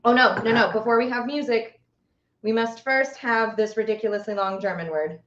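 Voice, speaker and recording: A woman's voice: a little high, normal speed, fairly bright tone, reverberant, muffled recording. A woman hosting a casual live stream, chatting with viewers and reading out their comments. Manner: chatty, reads out viewer comments, stumbles over long words. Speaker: livestream host.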